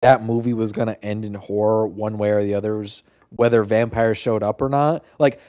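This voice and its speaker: A man with a mellow, dark voice chats casually on a podcast. He picks films apart in loose, filler-heavy talk that gets animated. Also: fairly low pitch, normal speed. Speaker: podcast co-host. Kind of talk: casual chat.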